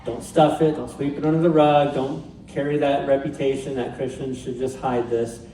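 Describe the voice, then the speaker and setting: Mellow-voiced pastor preaching in a roomy church. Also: male voice, mid-range voice, little pitch movement, normal speed. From Pacific Northwest, USA. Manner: conversational preaching with light humor. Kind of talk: sermon. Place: church sanctuary. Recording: roomy church sound from a distant mic.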